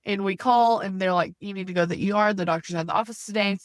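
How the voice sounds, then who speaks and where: A woman in her thirties from the United States talks fast in a mid-range voice, recorded cleanly in a studio with no echo. As a podcast guest, she earnestly tells her faith-centered story, filling her speech with "like" and "you know."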